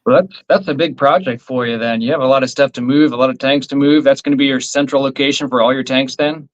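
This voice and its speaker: A man's voice: medium pitch, fairly even intonation, quick pace. Man on a muffled call line. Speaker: guest on a live stream. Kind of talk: casual chat.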